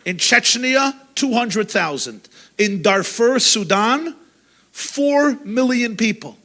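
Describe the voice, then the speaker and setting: Impassioned high-voiced male rabbi preaching. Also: animated, slow. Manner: impassioned, swings from loud to hushed. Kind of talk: sermon. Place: lecture gathering.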